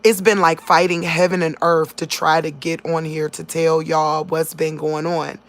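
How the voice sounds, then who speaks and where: A woman's voice: low voice, moderate pace. Emotional woman telling her dream. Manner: emotional, talks straight to viewers, animated. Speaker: vlogger sharing dreams. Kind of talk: casual storytelling to viewers.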